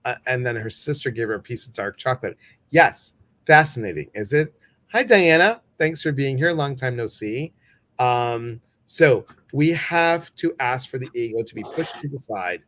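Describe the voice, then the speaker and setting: A man's voice: medium pitch, lively intonation, normal speed, a bit bright. A man hosting a live stream, chatting casually, greeting viewers and reading their comments, with many fillers. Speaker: host.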